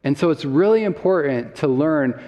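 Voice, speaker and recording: At a health summit in a church hall, a man gives a talk to a live audience, quizzing listeners and laughing often as he explains. His voice is a little high, expressive and mellow at a moderate pace, and the hall adds long reverb.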